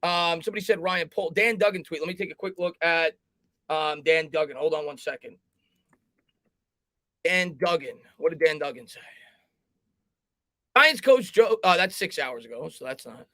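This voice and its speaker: Young guy ranting on a live sports fan stream, high bright voice, dry close sound. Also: normal speed, pauses often, no room sound. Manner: animated, emphatic, ranting. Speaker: sports talk host.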